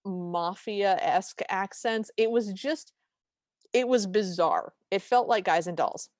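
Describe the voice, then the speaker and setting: A woman's voice: medium pitch, slow, darkish tone, no echo, clean studio sound. A woman co-hosting a podcast, giving wry, detailed recaps in casual chat. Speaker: podcast co-host.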